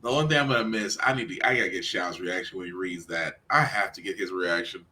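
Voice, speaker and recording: A man hosting a casual podcast, playful and quick to laugh. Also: deep voice, pushed and bright, a little hiss or hum. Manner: laughs easily, playful back-and-forth. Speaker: podcast host.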